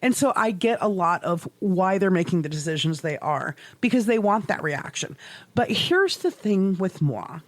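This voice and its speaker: Middle aged woman podcast host, kinda low voice, cusses and laughs a lot, dry close sound. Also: moderate pace, no room sound. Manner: animated, swearing, laughing storyteller. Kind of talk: casual chat.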